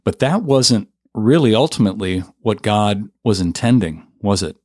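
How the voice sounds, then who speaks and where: Male host, middle-aged, lowish voice, encouraging interviewer; dry close sound. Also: animated, moderate pace, darkish tone, no room sound. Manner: encouraging, asks leading questions. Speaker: podcast host. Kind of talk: faith interview.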